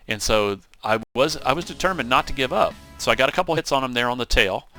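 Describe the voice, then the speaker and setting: A man with a bright, forward voice talks through recorded flight-sim footage in a loose, chatty way. He tells the story with animation, jumping up to act out the radio calls, and a faint bed of music sits underneath. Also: medium pitch, brisk, few pauses, clean tone, no echo. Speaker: gaming channel host. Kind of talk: casual gameplay commentary.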